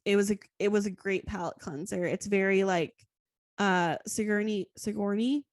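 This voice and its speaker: A woman's voice: medium pitch, steady tone, moderate pace, no room sound. A woman co-hosting a podcast, chatting in a rambling way full of "like" and "um". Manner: rambling, lots of "like" and "um". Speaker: podcast co-host. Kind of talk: casual chat.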